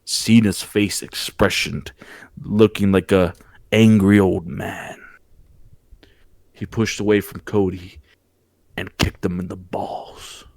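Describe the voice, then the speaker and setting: A man's voice: sits low, takes it slowly, vocal fry, pauses often, dry recording. A man hosting a casual podcast, animatedly retelling a wrestling show and stumbling over restarts as he goes. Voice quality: animated storyteller, frequent restarts. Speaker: podcast host. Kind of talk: excited wrestling recap, casual chat.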